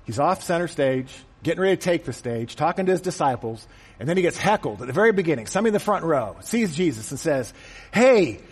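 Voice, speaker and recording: Guy pastor joking around in his sermon, husky voice, big echoey church. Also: a little high. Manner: conversational and joking, acts out quotes. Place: church auditorium.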